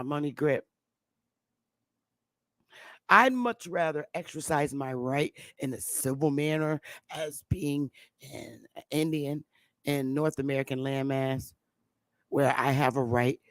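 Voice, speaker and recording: A woman's voice: very deep voice, no echo, clean studio sound. A woman from New England hosting a livestream, giving an impassioned monologue in a blunt, profane and emphatic way. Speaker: livestream host.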